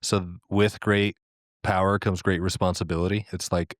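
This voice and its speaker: Deep-voiced male podcast host. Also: flat delivery, moderate pace, no echo, clean studio sound. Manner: affirming, asks structured questions. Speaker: podcast host and worship leader. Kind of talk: casual podcast conversation.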